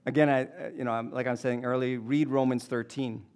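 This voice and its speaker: A man's voice: medium pitch, flat delivery, a little fast, darkish tone, clean tone. A man preaching a sermon as pastor, reading scripture, telling jokes and repeating key phrases for emphasis.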